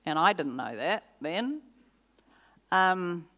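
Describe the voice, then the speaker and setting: With plenty of laughter, an older guest speaker recounts her life story during a church service, dramatizing her own reactions along the way. Her pitch is fairly low, and she talks at a normal speed.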